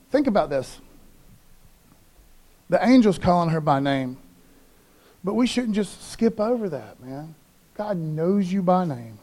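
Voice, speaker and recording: Man, preacher, high voice, casual animated sermon, church.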